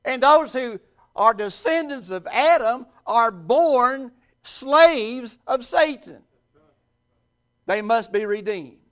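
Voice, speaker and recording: A male pastor preaching a sermon, with emphatic delivery and dramatic pauses. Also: very high voice, expressive, a bit bright.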